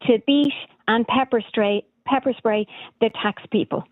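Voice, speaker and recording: A woman's voice: on the high side, measured pace, no echo. A woman caller, speaking indignantly on a phone-in and often breaking off to restart her sentences. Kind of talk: phone-in call. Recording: tinny phone line.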